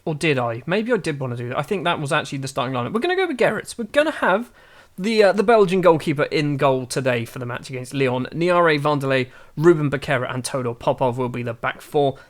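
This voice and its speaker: A man giving chatty, self-mocking game commentary that gets excitable. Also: fairly high pitch, fast. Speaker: gaming YouTuber.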